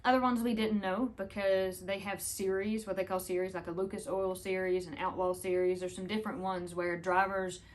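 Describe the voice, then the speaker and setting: A woman's voice: medium pitch, level tone, moderate pace, hardly any pauses. A woman, chatting casually to the camera, rambling through a story with laughs. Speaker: vlogger.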